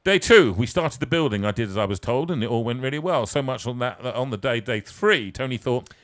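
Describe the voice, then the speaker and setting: A man's voice: medium pitch, lively intonation, a little fast, a bit bright. A man reading his own story aloud live, with wry, self-mocking asides. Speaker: singer and storyteller.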